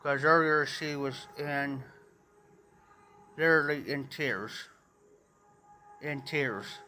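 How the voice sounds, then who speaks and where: Rambling man with a bright, high-set voice. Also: takes it slowly, faint music behind. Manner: rambling, repeats himself, talks straight to viewers. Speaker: live streamer. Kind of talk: casual live-stream storytelling.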